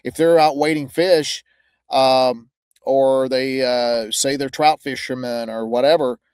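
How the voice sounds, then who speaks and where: A male podcast host talks in an earnest, halting way and searches for his words. His pitch is average. The recording is dry, with no room sound. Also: fairly even intonation, a little mellow, smooth, no echo. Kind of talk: casual interview talk.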